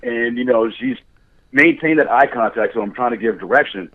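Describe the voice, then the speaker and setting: A man's voice: medium pitch, lively intonation, moderate pace. A man guest chatting candidly on a podcast, telling stories with frequent laughs. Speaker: guest, motion capture director. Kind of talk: casual podcast chat. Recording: tinny phone-like line.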